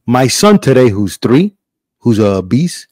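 A middle-aged man hosting a podcast in casual chat, an animated storyteller who acts out quotes in big voices. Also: mid-range voice, a little slow, husky, no room sound. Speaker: podcast host.

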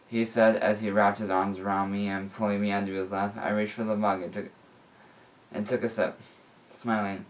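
A man reads a fan fiction story aloud. His voice sits somewhat low, and his reading is plain and unhurried. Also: flat delivery. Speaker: reader.

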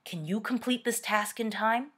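A woman's voice: low voice, expressive, a little slow, fairly bright tone, breathy edge, heavily acted. A woman voicing a defiant, determined king in a storybook read-aloud, speaking earnestly and urgently. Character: resolute, defiant male king.

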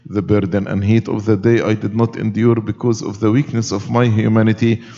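A man recites liturgical prayers in a solemn, measured way, his tone mellow and warm. The sound is dull and lo-fi, with a long reverb from a large church. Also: fairly low pitch, little pitch movement. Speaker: clergy leading the liturgy.

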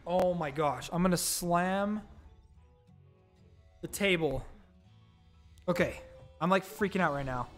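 A man streaming live gameplay, reading out game text and reacting excitably to each summon, pleading and groaning at bad luck. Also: high voice, takes it slowly, long pauses, faint music behind. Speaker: gaming streamer.

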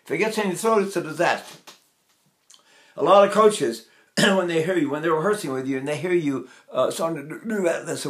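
Older man in his eighties, voice teacher, chatty demo of breathing, slightly high voice. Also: fairly quick, a bit bright. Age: 80s. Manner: chatty, demonstrative, holds breath while talking. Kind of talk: demonstrating breathing technique.

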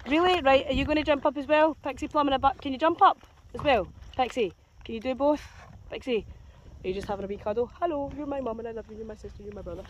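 A woman's voice: a little high, slight background noise. A Scottish woman chatting playfully on a casual vlog while walking dogs outdoors in a grassy field, talking to the dogs as she films on a handheld phone. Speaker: dog walker.

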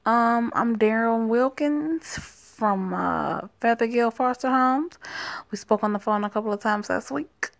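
A woman's voice: on the high side, measured pace, creaky, pitched above the performer's own voice. A woman voicing a polite male foster-home caseworker as she reads a story game aloud, in a formal, courteous way.

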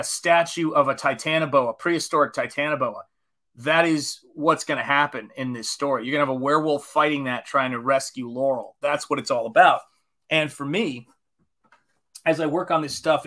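A man's voice: on the high side, fairly bright tone. A man in his forties, an artist chatting casually on a live stream while painting, enthusiastic and rambling as he greets viewers. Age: 40s.

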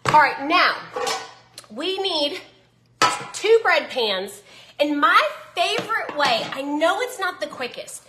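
A woman's voice: high-pitched, animated, slow, pauses often, reverberant, very noisy. A woman with a Southern US accent chatting to her viewers as she cooks at home, folksy and teasing herself, in her thirties. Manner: folksy, self-teasing, talks straight to viewers. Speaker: home cooking vlogger. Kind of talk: chatty cooking vlog. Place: home kitchen.

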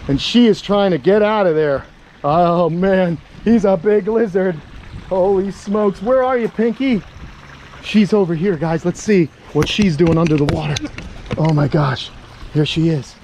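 A man vlogging outdoors, coaxing a big lizard along in a sing-song voice and talking excitedly to his viewers. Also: sits high, a little slow, a little hiss or hum. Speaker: reptile keeper vlogger. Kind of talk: excited outdoor vlog narration. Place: outdoors on a property.

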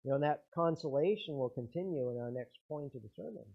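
A man's voice: on the high side, lively intonation, fast talker, gravelly, breathy edge, lo-fi sound. A man preaching a sermon as pastor, earnest, his intensity rising and falling.

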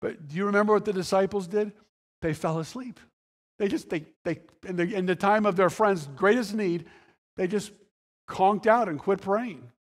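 High-pitched and at a moderate pace, this male preacher fills a big-sounding church sanctuary. It's conversational preaching with restarts, and he gives dramatic voices to the quoted speech he acts out.

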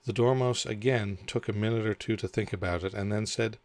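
A man narrating a children's classic as an audiobook, in a measured, plain storytelling manner. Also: fairly low pitch, steady tone, darkish tone, no room sound.

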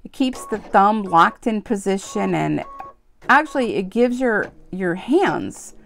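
A woman's voice: mid-range voice, very animated, takes it slowly, gravelly, a bit bright. A tired woman hosting an embroidery vlog, chatting in a rambling, self-deprecating way with lots of fillers while she works. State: tired, yawning. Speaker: embroidery channel host. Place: home sewing room, sewing machine running.

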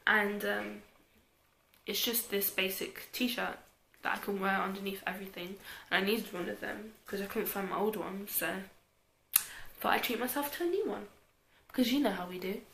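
A woman's voice: medium pitch, normal speed, vocal fry, a bit bright, roomy sound, a little hiss or hum, rough recording. A tired young British woman chatting casually through a clothing haul, self-mocking and muttering asides. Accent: British English. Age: young adult. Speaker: YouTuber.

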